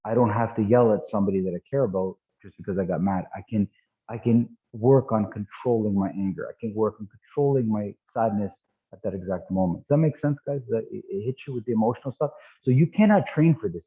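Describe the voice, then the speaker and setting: A man's voice: fairly low pitch, fast talker. A man in his fifties leading a live online training session, talking conversationally, repeating words and checking in with "right?". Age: 50s. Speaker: martial arts instructor. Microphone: video call. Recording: tinny phone-like call audio.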